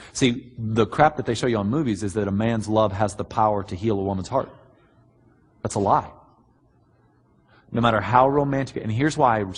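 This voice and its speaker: A man preaching a sermon, answering written questions earnestly and bluntly with many pauses. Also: fairly low pitch, husky. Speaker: pastor. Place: large church hall. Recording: long hall reverb.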